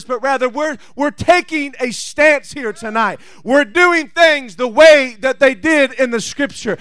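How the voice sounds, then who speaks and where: A male pastor preaching a sermon who reads scripture quietly, then rises to shouted, fervent preaching. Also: very high-pitched, dry recording.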